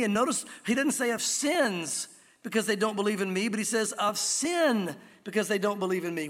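Man, pastor, earnest sermon, stresses key words slowly, high voice, echoing sanctuary. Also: a bit bright. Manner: earnest, emphatic teaching, slows down on key words. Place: church sanctuary. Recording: long reverb of a church hall.

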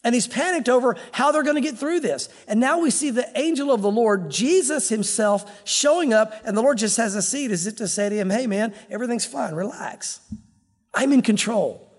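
A high-voiced man preaches to his church in a relaxed, conversational tone. He often slips into the voices of the people he quotes. His voice rings out with a long hall echo. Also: brisk, hardly any pauses. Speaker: pastor. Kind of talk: sermon.

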